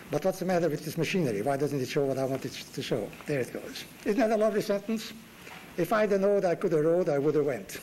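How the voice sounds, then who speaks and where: A man lectures in a university room, with dry humor and lines that lift sharply for emphasis. His voice sits a little high for a man. A faint hum of room noise runs underneath. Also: darkish tone, poor audio. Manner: dry wit, emphatic rises. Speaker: guest lecturer. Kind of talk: classroom lecture.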